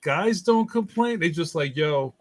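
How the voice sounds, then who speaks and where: A man's voice: fairly high pitch, lively intonation, measured pace. A man speaking as a guest in a casual chat, talking in a loose, chatty way and putting on voices in his anecdotes.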